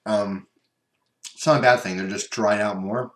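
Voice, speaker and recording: A man's voice: lowish voice, fairly even intonation, normal speed. A man chatting casually through an unboxing and taste-test vlog, rambling and talking while he chews. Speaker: vlogger. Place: room at home by his computer. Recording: echoey room with background noise.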